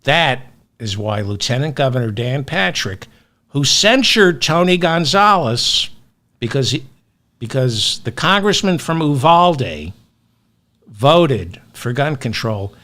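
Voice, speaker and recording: Male commentary host, sardonic and indignant, slow measured pace with an expressive, wide-ranging pitch. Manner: sardonic, indignant, with long pauses. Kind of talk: solo news commentary.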